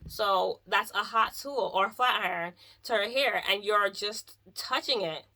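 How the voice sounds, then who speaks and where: A woman's voice: medium pitch, unhurried, sharp tone. A woman who works as a hairstylist, telling a client story in an exasperated, chatty way with lots of "like.". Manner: exasperated, chatty, heavy use of "like". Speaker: mobile hairstylist. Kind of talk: casual storytime vlog.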